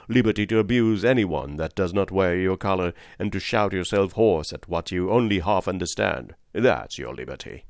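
A principled cab driver and father with a low, grave voice, firm and moralizing, as a male reader voices him. The sound is close and dry. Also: no echo.

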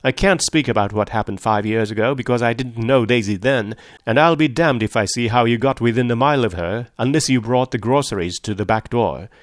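A man's voice: mid-range voice, lively intonation, brisk, dry recording, studio quality, pitched above the performer's own voice, natural voice. A man reading a story aloud, voicing an arrogant, indignant wealthy husband in a raised, sneering voice. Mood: scornful.

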